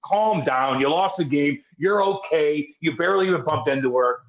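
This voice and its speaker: Cranky podcast co-host, a man, gruff and profane, slightly higher voice, roomy dull sound. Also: normal speed. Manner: blunt, profane, irritable. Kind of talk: casual podcast chat.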